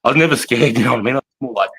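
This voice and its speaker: A man's voice: a little high, husky. A man in his forties with an Australian accent, an army veteran telling war stories in a casual, rambling, heavily profane way and laughing often. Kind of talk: casual storytelling chat.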